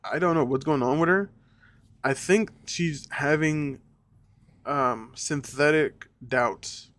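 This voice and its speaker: A man's voice: on the high side, takes it slowly, fairly bright tone. A young man giving a casual, rambling spoken review of a show, often repeating himself and swearing when he gets annoyed. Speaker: reaction reviewer.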